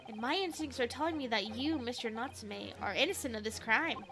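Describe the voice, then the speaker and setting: A woman's voice: fairly high pitch, a little fast, over music, lightly acted. A woman voicing an earnest young male defense lawyer who speaks in an earnest, slightly hesitant way.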